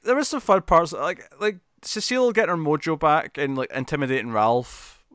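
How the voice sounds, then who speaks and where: A man's voice: a little high, moderate pace, fairly bright tone, clear, resonant tone, dry recording, clean studio sound. A man co-hosting a podcast and chatting casually about TV episodes, speaking with lots of restarts, repeated words and fillers. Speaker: podcast co-host. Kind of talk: casual chat reviewing TV episodes.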